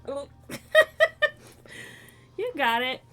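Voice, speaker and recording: A woman's voice: high-pitched, big pitch swings, extremely slow, fairly bright tone, soft background music. A woman streaming at home as she crafts, chatting casually and coaxing her dog in a playful way. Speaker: crochet streamer. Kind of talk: casual chat while crafting.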